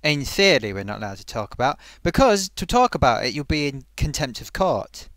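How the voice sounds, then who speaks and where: A man's voice: medium pitch, very animated, fairly quick, fairly bright tone, dry recording, clean studio sound. A man hosting his own vlog and chatting casually, rambling along with plenty of ums and restarts. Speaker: vlogger host. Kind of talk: casual comedy vlog chat.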